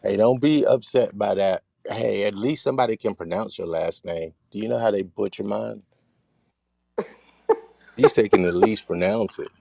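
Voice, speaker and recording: A man's voice: lowish voice, normal speed, creaky, mellow, no room sound. A man joking and reassuring a caller in casual talk show banter.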